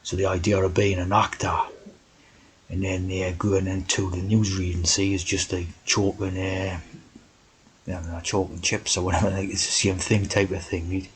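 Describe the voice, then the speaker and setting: A man with a very husky, rough voice, pitched low and spoken in a flat, level tone. He rambles on in a loose monologue, tagging nearly every thought with "right?" and "you know". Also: normal speed, low-quality recording.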